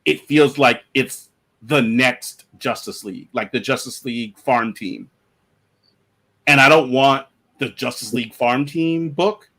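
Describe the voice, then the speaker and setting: A man's voice: medium pitch, a little slow, pushed and bright. Guy rambling on a podcast call, lots of "like" and restarts, normal mid voice. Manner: rambling, many fillers and restarts. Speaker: panelist on a comics podcast. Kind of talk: casual panel discussion.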